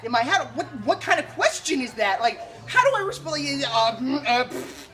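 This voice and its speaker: A man doing stand-up comedy, telling an animated story, swearing and acting out the scene. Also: very high voice, moderate pace, hardly any pauses, distant mic.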